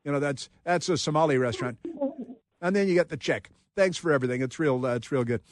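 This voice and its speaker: A man hosts a political talk radio show from a radio studio, speaking emphatically, rambling and laughing often. His voice is a little high and he talks fast, captured dry and at studio quality on a studio microphone.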